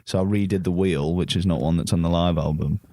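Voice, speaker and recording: A man with a low-pitched voice tells anecdotes at a lively clip, breaking into laughter as he goes. The sound is dry and close, with no room around it. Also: fast, no echo. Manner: animated storyteller, laughs often, slangy. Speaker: podcast guest, musician. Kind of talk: casual chat, storytelling.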